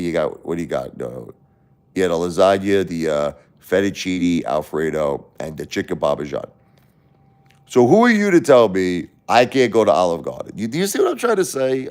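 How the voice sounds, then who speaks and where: A man rants to his livestream chat in a blunt, repetitive, confrontational way. His voice sits low but swings widely in pitch. He keeps calling out viewers by name. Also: darkish tone. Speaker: livestream host. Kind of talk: casual livestream rant to chat.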